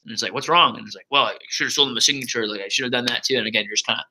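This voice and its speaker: A young man walks sales reps through a training deck in loose, casual talk. He speaks fast with a bright, forceful tone and loud energy, tossing in "like" and "um" constantly. His pitch sits in the middle for a man. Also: poor audio. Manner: energetic and loud, says so himself, many fillers. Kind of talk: casual coaching walkthrough.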